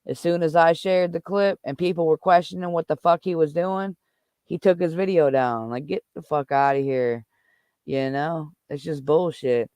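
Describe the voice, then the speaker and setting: Livestream host, man, heated profane rant; smooth, slightly higher voice, close and dry. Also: normal speed, a little mellow, no room sound. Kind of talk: casual ranting livestream chat.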